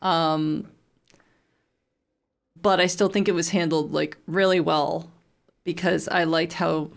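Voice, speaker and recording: A woman streamer talks over her game in loose, chatty speech, packed with fillers and a casual curse now and then. Her voice sits low and is full of creaky vocal fry. She sounds relaxed and unscripted. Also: slow pace. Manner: chatty, many fillers, swears freely.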